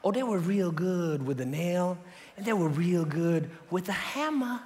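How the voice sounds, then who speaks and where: A man preaching a sermon, telling the story with animated emphasis and bursts of laughter. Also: high voice, a little slow, in a large hall, slight background noise.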